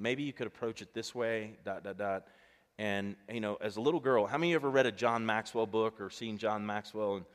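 Preaching with an easygoing, conversational manner, a middle-aged pastor recounts family anecdotes and performs the dialogue himself. His voice is fairly low in pitch, echoing with the long reverb of a big hall.

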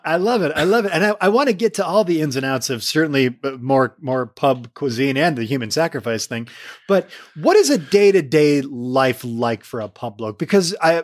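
A man's voice: fairly high pitch, no room sound, studio quality. A man hosting a comedy interview, eager and enthusiastic, stumbling over his restarts as he asks questions. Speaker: interview host.

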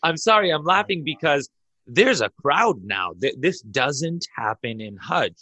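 A man, an imam, telling a dramatic story on a podcast, excitable and laughing as he goes. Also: on the high side, breathy edge, dry recording. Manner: excitable, laughs through his story, rushes in bursts. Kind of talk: animated storytelling in a podcast chat.

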